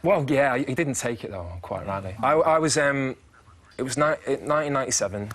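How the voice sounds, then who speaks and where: Guy in his thirties, quick-talking, on a talk-show sofa, lively storyteller. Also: mid-range voice, a little hiss or hum. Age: 30s. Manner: lively storyteller, chuckles as he talks. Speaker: actor guest. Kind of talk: casual talk-show interview.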